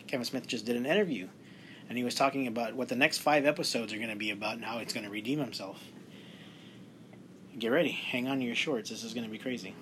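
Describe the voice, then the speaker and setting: A man hosting a casual podcast discussion, animated and acting out quotes with emphasis. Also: mid-range voice, a little hiss or hum. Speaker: podcast host.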